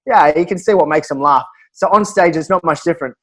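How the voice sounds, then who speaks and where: An Australian man, a guest comedian, telling animated anecdotes in a podcast interview and chuckling through his own stories. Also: a little high, brisk, rough recording.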